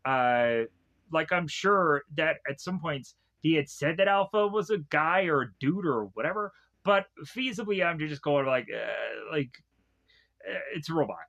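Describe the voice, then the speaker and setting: A man's voice: a little high, animated, a little slow, creaky, fairly bright tone. A man giving a rambling, casual episode recap, laughing often and swearing freely. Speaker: episode reviewer.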